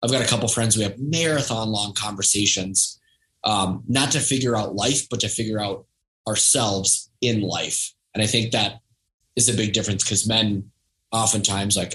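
Bright-voiced reflective man. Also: on the low side, moderate pace, low-quality recording. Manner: reflective, storytelling, acts out quoted voices. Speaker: podcast guest. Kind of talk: casual conversation.

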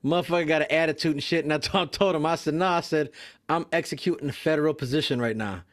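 A young man tells a workplace story on a podcast, loose and profane and full of energy. His voice sits a little high, and he jumps into quick impressions of other people. It is casual storytelling from start to finish. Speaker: mail carrier.

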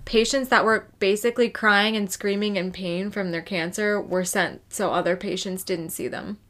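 A woman's voice: mid-range voice, steady tone, moderate pace, fairly bright tone. A woman co-hosting a casual true crime podcast, telling the story in a loose, swearing, chatty way.

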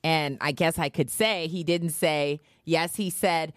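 A woman radio co-host telling a story with mock melodrama, acting out quotes with big jumps in pitch. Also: moderate pace, hardly any pauses, dry recording, studio quality.

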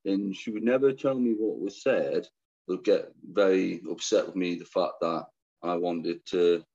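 A man telling his own difficult story as an interview guest, halting, restarting often, and speaking frankly. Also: sits low, mellow, muffled recording. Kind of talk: candid personal storytelling.

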